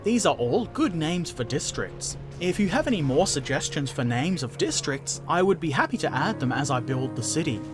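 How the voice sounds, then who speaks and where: Man, gaming channel host, casual comment Q&A, jokey, lively up-and-down voice, fairly high. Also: moderate pace, hardly any pauses, music in the background. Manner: joking, slips into silly put-on voices. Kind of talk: casual Q&A answering viewer comments.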